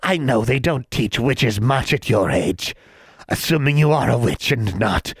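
A wheedling, falsely sweet old hag from a storybook, put on by a male reader. The voice sits well above the man's own deep register and drips with cunning. It sounds a little distant from the mic in a dry, dead room. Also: animated, measured pace, slightly rough, no room sound. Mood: menacing.

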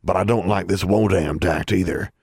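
A man's voice: low-pitched, fairly even intonation, normal speed, vocal fry, darkish tone, breathy edge, no echo, clean studio sound, full character voice. A man voicing a skeptical, old-fashioned colonial wizard who distrusts new contraptions and new laws alike, for an audiobook. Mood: grumbling. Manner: doubtful, head-shaking objections.

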